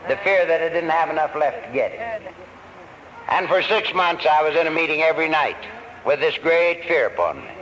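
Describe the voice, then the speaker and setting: A man speaking at a recovery meeting, telling his story in an earnest, deliberate way. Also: medium pitch. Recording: old lo-fi tape recording.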